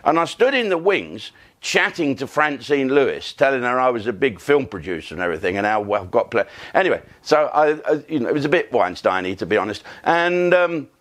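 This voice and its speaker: A man's voice: medium pitch, sing-song, brisk, few pauses, a bit bright. An older comedian with a rambling, profane, self-mocking delivery. His voice rises and falls a lot as he storytells in a casual monologue.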